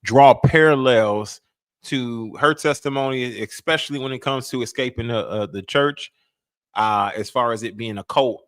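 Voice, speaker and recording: A man hosting a podcast, giving casual commentary on a clip he is reacting to, with many pauses and fillers. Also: mid-range voice, no room sound, studio quality.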